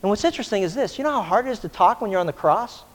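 A man's voice: sits high, animated, racing. A man preaching a sermon with impassioned delivery, sometimes acting out the voices of the people in his story. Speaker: pastor. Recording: long hall reverb.

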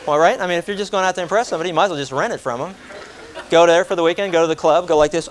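A man preaching a sermon, animated and joking, firing rhetorical questions at his congregation. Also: fairly high pitch, racing, a crowd in the background, noisy background. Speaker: pastor.

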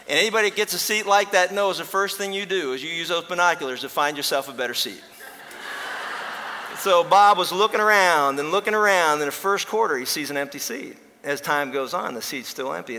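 Guy preaching, bright kinda high voice, joking around with stories, big echoey church hall. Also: slight background noise. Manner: jokey storytelling, loud acted voices for characters. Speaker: pastor. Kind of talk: sermon with humorous stories. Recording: long hall reverb.

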